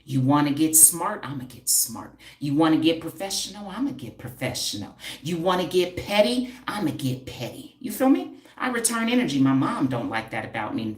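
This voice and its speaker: A woman's voice: a bass voice, echoey room. A woman in the style, a holistic hair practitioner hosting a live stream, talking back to viewer comments with sassy, confrontational banter and rhetorical questions. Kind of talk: livestream chat answering viewer comments.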